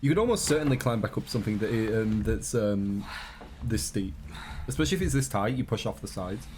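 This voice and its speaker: A man's voice: lowish voice, expressive, fairly quick, noisy background. A man streaming a reaction to a video, chatting casually to his viewers with rambling, joking asides.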